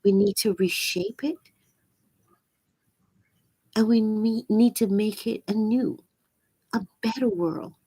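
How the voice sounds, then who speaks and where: Woman host, raspy, earnest and preachy; unhurried delivery, dry sound. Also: mid-range voice, warm tone, no echo. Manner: earnest, preachy, repeats phrases for emphasis. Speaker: channel host. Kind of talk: live-streamed spiritual talk.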